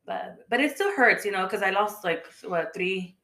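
A woman's voice: medium pitch, animated, moderate pace, creaky, bright, forceful tone. A woman in casual podcast chat, telling stories in a chatty way and acting out the voices of people she quotes. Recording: echoey room.

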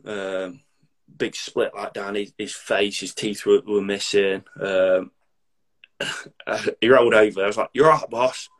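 A man, a military veteran talking casually and bluntly, swearing freely with dark humour. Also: lowish voice, little pitch movement, slow. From Derby, England. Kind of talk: casual podcast chat.

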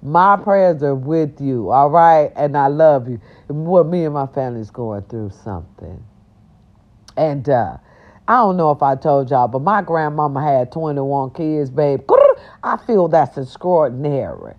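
A woman's voice: deep voice, a little slow. An older woman from the South, ranting brashly to her vlog viewers and growling now and then. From American South. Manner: animated and brash, growls and breaks into song. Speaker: vlog host. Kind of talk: casual rant to viewers. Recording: dull lo-fi audio.

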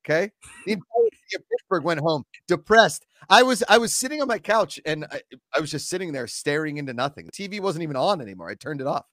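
Animated ranting man in his twenties. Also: a little high, quick pace, no echo, studio quality. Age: 20s. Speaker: podcast co-host. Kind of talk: casual sports chat.

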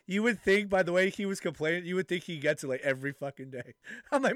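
A man's voice: sits high, fast talker, no room sound, clean studio sound. A young man co-hosting a podcast, swearing a lot and telling stories through laughs. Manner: profane, laughing storyteller, acts out quotes. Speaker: podcast co-host. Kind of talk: casual chat.

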